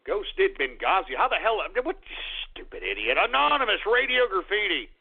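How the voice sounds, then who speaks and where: A man hosts a call-in radio show with a high-pitched, scolding delivery. He rants and curses between callers. The sound is tinny and narrow, like a phone line. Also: very animated, a little fast, creaky, breathy edge. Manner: profane, ranting, sarcastic.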